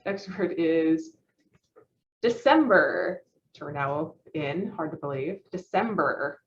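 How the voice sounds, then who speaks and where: Young female instructor, low-ish voice, encouraging and giggly, muffled lo-fi recording. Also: a little slow, a little mellow, slight background noise. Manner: encouraging, praises answers, laughs often. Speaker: phonetics practice leader. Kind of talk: teaching an online phonetics practice session. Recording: dull muffled lo-fi audio.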